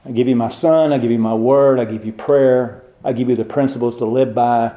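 A man's voice: medium pitch, steady tone, brisk, warm tone, roomy sound, dull audio, natural voice. A man voicing God, making solemn promises in a sermon retelling. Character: God, a reassuring divine voice.

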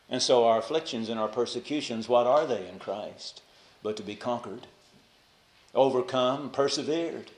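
A man preaching a sermon with passion, dropping to a hush on key phrases and rising to raised emphasis. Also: mid-range voice, moderate pace. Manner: impassioned, swings from hushed to raised emphasis. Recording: echoey room.

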